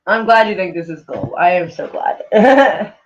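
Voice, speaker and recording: A man's voice: high voice, lively intonation, unhurried. A man live-streaming in a loose, meandering chat, heavy on "like" and freely swearing, with a mild speech impediment. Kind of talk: casual rambling stream chat. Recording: dull lo-fi home stream audio.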